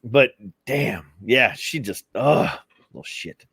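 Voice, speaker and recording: A man's voice: medium pitch, animated, slow pace, fairly bright tone, husky, no echo. A middle-aged man chatting casually on a podcast, rambling, swearing freely and laughing often.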